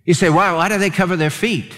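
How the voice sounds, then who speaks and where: Male pastor, earnest sermon delivery, slightly high voice, long reverb tail. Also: fairly even intonation, a bit bright, faint music behind. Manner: earnest preaching, slows and drops low to stress words.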